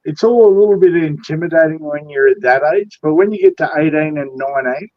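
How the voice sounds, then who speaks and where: A man's voice: on the high side, fairly quick, no echo, highs cut off. A man with an Australian accent chatting bluntly and rambling, with plenty of swearing. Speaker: podcast co-host. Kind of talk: casual chat.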